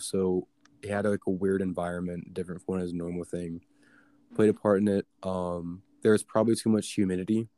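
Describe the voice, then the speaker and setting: A man's voice: low-pitched, warm tone. A young man telling a story in casual chat, rambling with many fillers and swearing. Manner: rambling, filler-heavy, profane.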